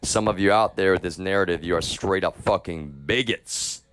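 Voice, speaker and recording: A man's voice: low-pitched, normal speed, fairly bright tone, no room sound. A young man streaming live, venting in an agitated, profane monologue, full of restarts and addressing his viewers as y'all. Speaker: livestreamer. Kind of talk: ranting monologue to a live chat.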